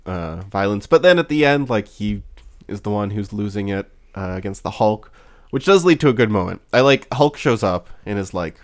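Rambling low-voiced man, laughing wryly. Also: animated, moderate pace. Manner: rambling, lots of fillers and restarts; wry, laughs often. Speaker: podcast co-host. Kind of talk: casual chat.

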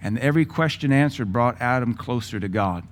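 A man's voice: mid-range voice, animated, brisk. A middle-aged man preaching a sermon, emphatic, listing words in punchy bursts. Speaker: pastor.

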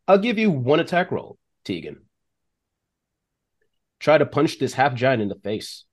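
A man of middling pitch running a tabletop game, describing scenes in an animated way. He often pauses with fillers as he builds the story. His voice has an everyday, even tone. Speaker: game master.

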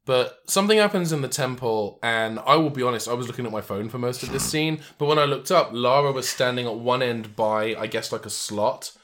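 A man's voice: mid-range voice, a little fast, few pauses, a bit bright. A British man co-hosting a casual podcast chat, sarcastic and self-mocking. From Britain. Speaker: podcast co-host.

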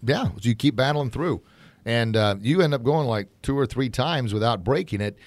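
A man's voice: mid-range voice, expressive, normal speed, no echo. A middle-aged man hosting a podcast and running a martial arts academy, talking with earnest passion and calling his listeners folks.

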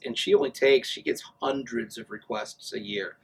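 A man chatting as an interview guest, reliving his stories and slipping into the voices of the people he met. His voice sits at an ordinary middle pitch. A faint background hiss sits under the talk. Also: normal speed, rough recording. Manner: animated storyteller acting out quoted voices. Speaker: guest, amateur triathlete. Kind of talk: casual storytelling interview.

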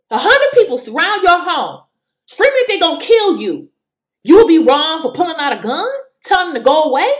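A woman's voice: high-pitched, sing-song, fairly quick. A woman speaking in who has school-age kids, giving fiery, exasperated political commentary and repeating words for emphasis. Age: adult with school-age children.

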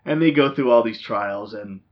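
A man's voice: lowish voice, normal speed. A man hosting a casual movie chat, rambling with lots of ums and restarts. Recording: dull lo-fi sound.

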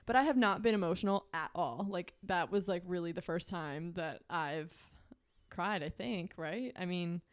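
Young woman, podcast co-host, chatty storyteller, laughs a lot, slightly low voice. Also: normal speed, clean tone. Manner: chatty, laughs often, many "like" fillers. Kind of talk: casual storytelling chat.

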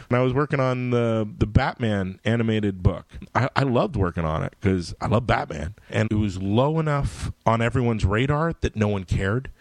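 A middle-aged man, a comic book writer, telling stories in casual conversation and jumping into loud voices for quoted lines. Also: on the low side, moderate pace, hardly any pauses, no room sound.

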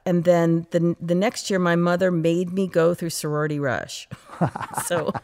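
A middle-aged woman from the United States, an interview guest, telling stories in a lively, chatty way and acting out her past self. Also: lowish voice, unhurried. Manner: animated, quotes her past self, frequent laughs and "like". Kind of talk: casual interview storytelling.

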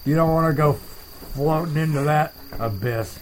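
A man hosting a comedic chat show, rambling deadpan and making up silly words. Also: fairly high pitch, moderate pace, poor audio. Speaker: podcast host.

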